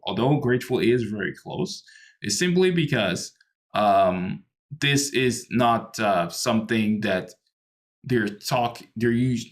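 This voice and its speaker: A man teaching an online English lesson, patient and explaining with many ums and restarts, on a computer microphone. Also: medium pitch. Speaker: English tutor.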